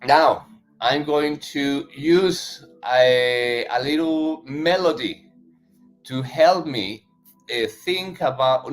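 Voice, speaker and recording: A man leading a self-healing practice, giving gentle, unhurried, encouraging instructions with faint music behind him. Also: mid-range voice. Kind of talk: guided mantra and tapping practice.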